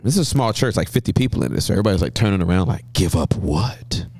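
A man in his forties from Southern California, a pastor telling stories as a guest in an interview, with a humorous, lively manner. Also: fairly low pitch, very fast. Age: 40s. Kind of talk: interview storytelling.

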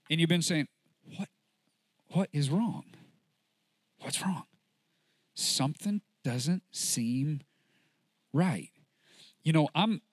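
A male preacher delivers an emphatic sermon in a high voice that swings widely up and down. He takes his time, drawing out words for weight and firing rhetorical questions at the congregation. The sound is dry and close. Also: no room sound.

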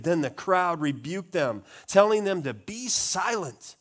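A man preaching a sermon as pastor, swinging between loud, impassioned pleas and hushed, quiet passages. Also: high voice, animated, moderate pace, hardly any pauses.

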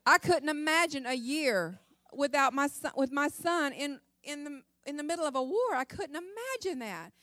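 Middle-aged woman preaching her testimony, higher voice, dry close sound, big dramatic storytelling. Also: lively intonation, normal speed, sharp tone, no echo. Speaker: church speaker. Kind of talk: sermon testimony.

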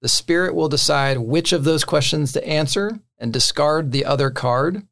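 A man with a slightly raised, gravelly voice walks friends through a board game's rules. He talks casually and loosely, with lots of "uh" and "like" and the odd chuckle between points. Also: fairly high pitch, moderate pace. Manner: relaxed, filler-heavy, laughs between points. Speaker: game rules explainer.

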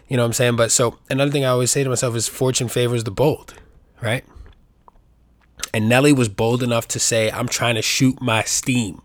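A man's voice: mid-range voice, no room sound. A young man hosting a podcast, talking in a loose, rambling and profane monologue full of jokey asides. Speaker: podcast host.

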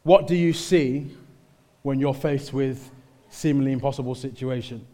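A male preacher with a Mancunian accent, giving a conversational sermon that builds to loud exhortation in church. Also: medium pitch, moderate pace.

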